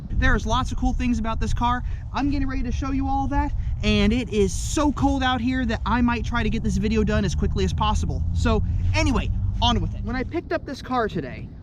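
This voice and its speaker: A man's voice: very high-pitched, brisk, background noise. A man hosting a casual car walkaround outdoors in the cold, joking and then correcting his own gags as he goes. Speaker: car reviewer and channel host.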